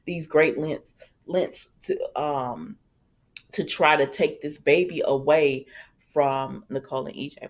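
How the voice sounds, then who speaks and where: A woman's voice: sits low, steady tone, slow. A woman hosting a casual soap opera recap, chatty and talking straight to her viewers. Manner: chatty, addresses viewers as "y'all".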